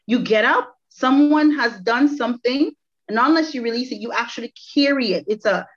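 Earnest woman, slightly high voice. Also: normal speed. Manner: earnest, reflective, repeats phrases for emphasis. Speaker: interview guest. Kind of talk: personal faith testimony. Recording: dull lo-fi audio.

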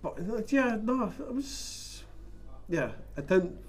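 A man in a casual film chat, hesitant and halting. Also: sits high, big pitch swings.

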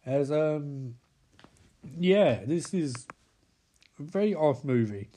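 A man giving excitable, sweary running commentary over a movie. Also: on the high side, slow pace, pauses often. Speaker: movie riffer. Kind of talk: live profane movie riff commentary.

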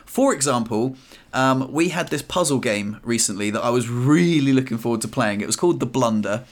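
A man's voice: mid-range voice, animated, fairly quick. A man chatting casually on a podcast, rambling with fillers and restarts. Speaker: podcast co-host. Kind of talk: casual chat.

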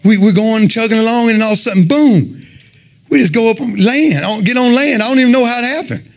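A man giving a fervent sermon and personal testimony, telling his story in an animated way and peppering it with "man.". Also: very high-pitched, quick pace, vocal fry. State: sweating, winded after worship. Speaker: lay preacher giving testimony.

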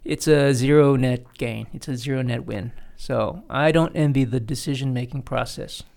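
A man's voice: mid-range voice, moderate pace, creaky, darkish tone. A man hosting a casual studio conversation, explaining his opinions at length with frequent restarts. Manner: opinionated, talks in long explanatory runs with restarts. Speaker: podcast host.

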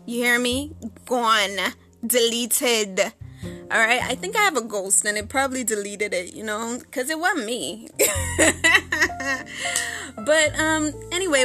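Woman, podcast host, bright voice, fairly high, sassy, blunt, casual advice talk. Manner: sassy, blunt, swears freely; slips into Jamaican-style slang.

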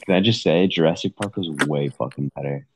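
A man's voice: low voice, a little fast, background noise. A young man co-hosting a podcast, chatting casually, laid-back, swearing and laughing often. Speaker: podcast co-host. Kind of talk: casual chat.

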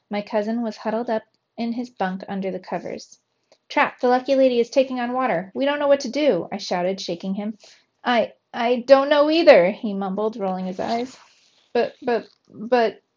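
A woman teacher reading a children's adventure story aloud, livening up the dialogue with extra energy. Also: mid-range voice. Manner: lively, voices the dialogue with raised energy. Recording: slightly dull, lo-fi sound.

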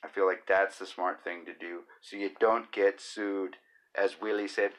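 A man's voice: low voice, steady tone, measured pace. A man in his thirties hosting a casual solo podcast, rambling and joking, often slipping into silly voices and bits of singing. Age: 30s. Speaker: podcast host.

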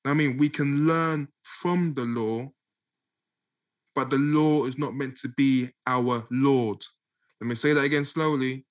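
A man's voice: medium pitch, fairly even intonation, slow. A man preaching a casual Bible teaching, repeating key points and checking that listeners follow. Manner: conversational, repeats and emphasizes points.

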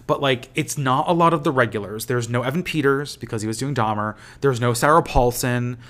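A man's voice: medium pitch, brisk, a bit bright. Chatty, profane man recapping a show. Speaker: podcast host. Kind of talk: casual recap chat.

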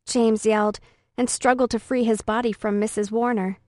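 A woman's voice: fairly high pitch, steady tone, normal speed, a little mellow, no echo, studio quality. A woman narrating a first-person story in an earnest, emotional way. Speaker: audiobook narrator.

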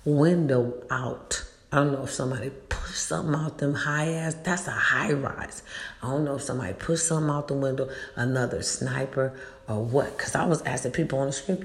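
A woman's voice: very deep voice, fairly quick. Blunt, swearing woman telling a story. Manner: blunt, animated, swears freely. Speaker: vlogger. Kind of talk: casual storytelling rant. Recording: echoey room.

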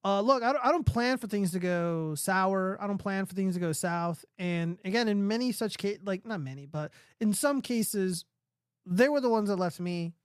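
A man's voice: high-pitched, lively intonation, normal speed, clear, resonant tone, no echo, clean studio sound. Profane rambling male livestream host. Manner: profane, rambling, reading and answering chat. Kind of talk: casual livestream rant.

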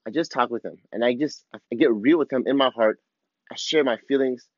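A man's voice: mid-range voice, a little fast, dry recording, muffled recording. A man in his thirties, a father speaking candidly and confessionally about his struggles, swearing casually. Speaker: father vlogger. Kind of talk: candid personal reflection.

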